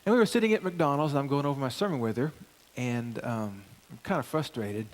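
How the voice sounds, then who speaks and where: In a brisk, mid-range voice, this middle-aged pastor delivers a lively sermon in church. He works through the verses for the congregation, pressing hard on important phrases with climbing intensity.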